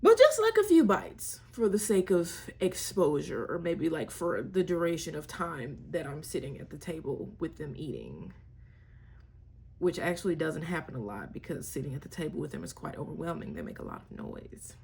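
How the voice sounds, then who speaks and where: A woman's voice: low voice, big pitch swings, normal speed, gravelly, a little mellow, a little hiss or hum. A young mother, chatting candidly and wryly about parenting in a casual vlog. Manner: candid, wry, slangy, breaks into playful voices. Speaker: mother sharing parenting tips. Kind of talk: casual chat.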